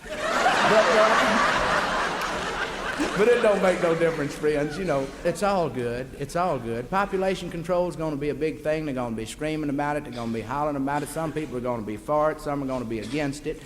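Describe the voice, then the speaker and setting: Folksy Southern comedian, rambling drawl. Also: male voice, on the high side, a little fast. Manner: folksy, drawling, rambling, calls the audience beloved. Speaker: stand-up comedian. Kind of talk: rambling live stand-up monologue. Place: stage before a live audience. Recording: echoey 1960s live LP recording with hiss.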